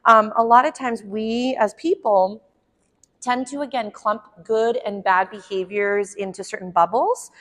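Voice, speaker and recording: A woman dog trainer explaining puppy training in a friendly way at home, with frequent ums and quick asides to the puppy. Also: on the high side, steady tone, fairly bright tone. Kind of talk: instructional dog-training demo.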